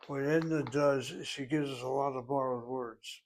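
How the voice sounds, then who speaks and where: A man teaching a Hebrew class, explaining grammar in a deliberate, step-by-step way and sometimes thinking aloud. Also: medium pitch, fairly even intonation, heavy background noise.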